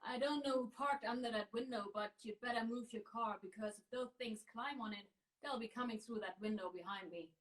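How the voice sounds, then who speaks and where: A woman's voice: a little high, fairly quick, distant mic, close to an everyday voice, poor audio. A woman reading aloud, voicing a battered, wisecracking male pilot in a dry, matter-of-fact way.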